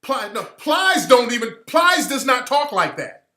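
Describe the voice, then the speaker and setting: A man's voice: extremely high pitch, very animated, a little slow, pushed and bright, echoey room. A man from Alabama giving an emphatic, opinionated monologue as a commentator, hammering his points home with repetition. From Alabama, US South.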